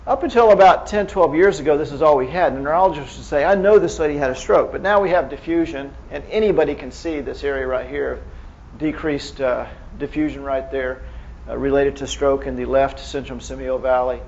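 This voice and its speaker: A man's voice: medium pitch, a little fast, darkish tone, lo-fi sound, a little hiss or hum. A man giving a conversational medical lecture as a neurohospitalist, quizzing the audience with frequent restarts.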